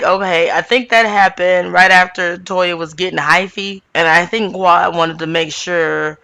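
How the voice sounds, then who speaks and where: A woman host giving a casual, opinionated recap of a reality show, animated and ranting, with sudden jumps up in pitch. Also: measured pace, hardly any pauses, dry recording.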